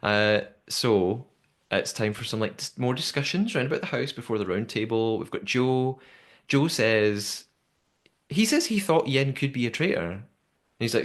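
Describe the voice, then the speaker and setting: A young man hosting a podcast, chatting casually and telling the story in a lively way with lots of fillers. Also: medium pitch, moderate pace. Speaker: podcast host. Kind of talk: casual recap chat.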